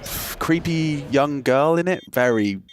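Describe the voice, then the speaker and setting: A man casting a competitive shooter match, chatty and excitable, trading jokes with his co-casters. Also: on the high side, measured pace. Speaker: esports caster. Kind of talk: play-by-play commentary and banter. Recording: noisy game audio behind. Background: game gunfire and clicks.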